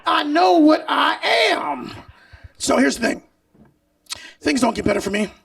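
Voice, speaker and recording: A brash male stand-up comic working a live stage, loud and profane, often laughing at his own material. His voice sits very high with a gravelly edge. He sounds set back from the mic. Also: lively intonation, unhurried, far from the mic, slight background noise. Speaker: stand-up comedian. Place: comedy stage before a live audience.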